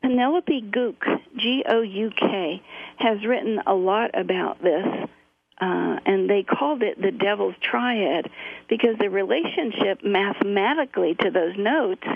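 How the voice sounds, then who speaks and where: Husky gravelly woman on a phone line. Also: mid-range voice, measured pace, no echo. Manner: earnest storytelling with frequent fillers. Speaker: guest.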